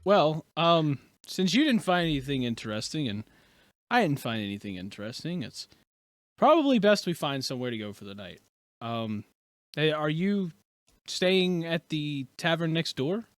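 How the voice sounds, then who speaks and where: A glum, hesitant adventurer, played by a man who stumbles through his words in a tabletop role-play. His pitch swings very widely. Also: sing-song, no echo, studio quality. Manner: hesitant, halting, full of fillers.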